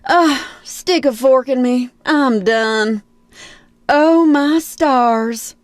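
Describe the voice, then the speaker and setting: A woman's voice: high voice, drawn-out words, dry recording. A woman voicing a sweet but sassy Southern belle, drawling her quips. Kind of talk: game character voice lines.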